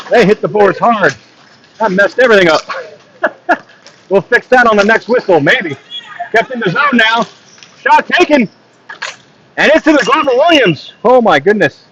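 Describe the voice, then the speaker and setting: Excitable, lively-pitched hockey commentator man. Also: normal speed, long pauses, highs cut off, noisy background. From not from Texas. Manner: excitable, joking, rises in pitch on big plays. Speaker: play-by-play commentator. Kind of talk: solo live sports commentary with chat asides.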